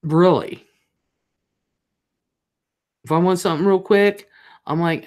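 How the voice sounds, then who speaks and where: A woman's voice: lowish voice, fairly even intonation, takes it slowly, darkish tone. A woman hosting a casual livestream, chatting straight to her viewers in a rambling, talkative way. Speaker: livestream host.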